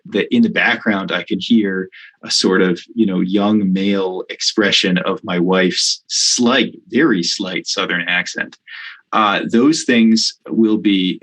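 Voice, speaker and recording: Gravelly man speaking haltingly. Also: sits low, fairly bright tone, rough recording. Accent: Midwestern American. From United States. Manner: hesitant, many fillers and restarts. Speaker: guest theology professor. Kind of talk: thoughtful podcast interview answer.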